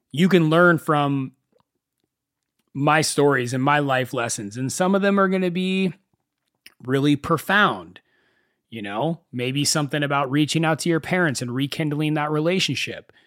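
A young man hosting a casual solo podcast, telling stories in an animated way and swearing freely. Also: on the high side, dry recording, clean studio sound. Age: young adult. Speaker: podcast host.

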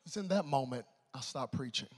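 A man preaching a sermon, telling a humorous story and swinging between loud excitement and hushed tones. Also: medium pitch, a little fast, in a large hall.

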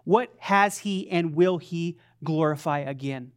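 Speaking slowly with hardly any pauses, this pastor has a voice on the high side. He preaches in a conversational way, pokes fun at himself, frequently starts sentences over, and puts questions to his congregation.

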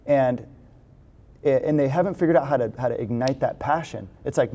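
A man hosting a casual interview, talking in a relaxed, rambling way with many fillers. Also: medium pitch, quick pace. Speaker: podcast host.

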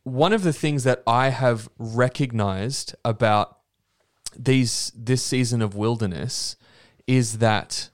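A man speaks earnestly about faith on a studio podcast. His voice sits in an ordinary middle pitch, and he reflects with loose fillers and restarts. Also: slow. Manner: earnest, preachy, fond of "you know" and "um". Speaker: podcast co-host. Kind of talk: casual faith discussion.

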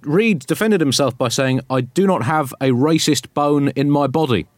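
A man's voice: on the high side, normal speed, dry recording, clean studio sound. A man co-hosting a satirical comedy show, mock-serious and sardonic, often laughing at his own jokes. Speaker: co-host.

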